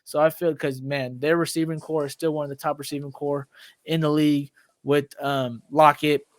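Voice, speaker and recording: A man co-hosting a casual sports podcast, chatty and quick to throw questions at the others. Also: a little high, flat delivery, no room sound. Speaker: podcast co-host.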